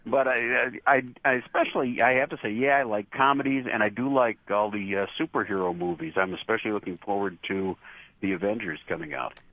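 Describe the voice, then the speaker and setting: Low-voiced chatty man. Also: fairly quick, no echo. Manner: chatty, laughs easily. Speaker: horror show host being interviewed. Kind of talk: casual interview answers. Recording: dull lo-fi dry line.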